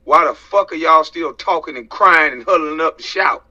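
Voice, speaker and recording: A man's voice: a little high, expressive, normal speed, vocal fry, bright, forceful tone. Man in a tense, profane rant. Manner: profane, preachy, fires rhetorical questions. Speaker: social media commentator. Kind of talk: heated rant to camera. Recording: dull lo-fi sound.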